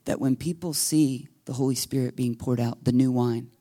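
In a church sanctuary, a man preaching as pastor tells a story with lively quoted voices, sometimes dropping to a whisper. His pitch is medium and his speed normal.

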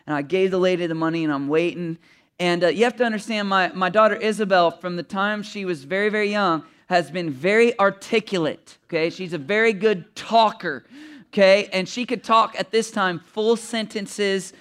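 A man's voice: high voice, moderate pace, fairly bright tone, smooth. A man in his thirties preaching a sermon in a conversational, humorous way, asking the audience questions and chuckling at his own story. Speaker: pastor.

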